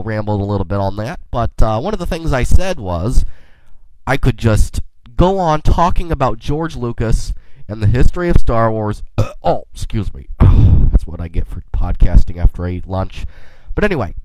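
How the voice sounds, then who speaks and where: Lively, rambling male podcast host. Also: medium pitch, dry recording, poor audio. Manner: rambling, chatty, folksy asides; playful in-character space banter. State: a little sick. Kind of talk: casual solo podcast monologue.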